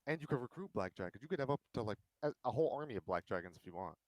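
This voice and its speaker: A man's voice: medium pitch, expressive, very fast, dry recording, rough recording. A man in voice chat on a gaming stream, eagerly explaining a game at length in casual talk. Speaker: guest in voice chat.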